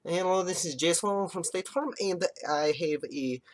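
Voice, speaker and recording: A man putting on the voice of a male caller from an insurance company, squeaky and overly polite. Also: moderate pace, close to an everyday voice. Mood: fake polite. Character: high-pitched male phone caller claiming insurance. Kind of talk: mock impression in a story.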